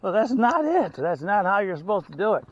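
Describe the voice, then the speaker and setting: A man's voice: high voice, sing-song, a little fast, slightly rough, highs cut off. A man outdoors on a hiking trail, giving tips in a casual, rambling vlog and often correcting himself mid-sentence. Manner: rambling, self-correcting, chatty. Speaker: hiker vlogger.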